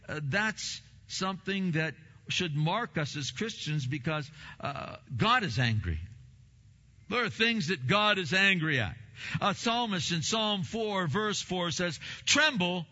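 A middle-aged male pastor preaching a sermon in an emphatic, repetitive style, with sudden loud bursts. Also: medium pitch. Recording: muffled sound with long hall reverb.

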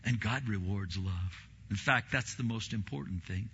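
A man preaching a sermon, acting out quoted voices with big swings in pitch and loudness. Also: normal speed, dull audio, slight background noise. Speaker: pastor.

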